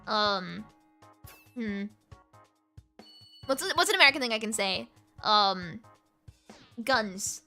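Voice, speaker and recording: A woman from Britain chatting casually with viewers while playing a racing game, giggling often and breaking into loud outbursts at the game. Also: mid-range voice, lively intonation, slow, pauses often. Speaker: streamer. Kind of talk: casual gaming stream chat. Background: game music.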